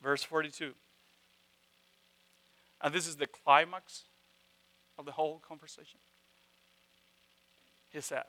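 A man preaching a sermon, emphatic, with slow repeated phrases and sudden drops from loud stresses to hushed tones. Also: fairly high pitch, little pitch movement. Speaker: pastor.

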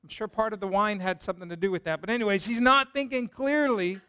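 High-voiced man preaching a sermon. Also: quick pace, clean tone. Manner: animated, conversational Bible storytelling with questions to the audience. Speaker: pastor.

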